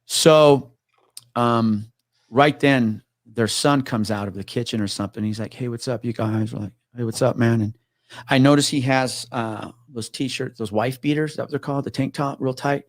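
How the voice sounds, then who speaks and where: A man with a mid-range voice tells a story at normal speed in casual chat, swearing freely and acting out the quoted voices of the people involved. The recording is studio quality with no room sound.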